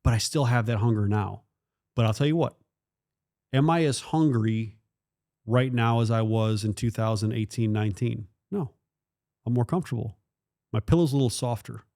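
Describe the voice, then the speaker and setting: A man's voice: mid-range voice, moderate pace, gravelly, pauses often, mellow. A man who is a guest on a talk show, speaking bluntly and emphatically and swearing freely in a casual chat.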